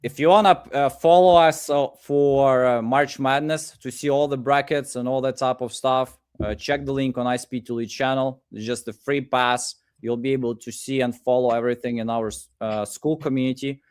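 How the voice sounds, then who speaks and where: A man's voice: mid-range voice, fairly even intonation, moderate pace, few pauses, clear, resonant tone. Upbeat man hosting a livestream. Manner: upbeat, hype-building, with frequent "uh" fillers. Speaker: livestream host. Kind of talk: casual livestream chat.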